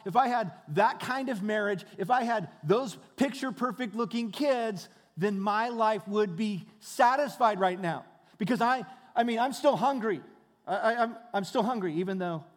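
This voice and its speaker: High-voiced pastor preaching in a hall. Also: male voice. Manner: conversational, rhetorical questions, repeats phrases. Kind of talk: sermon. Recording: reverberant hall.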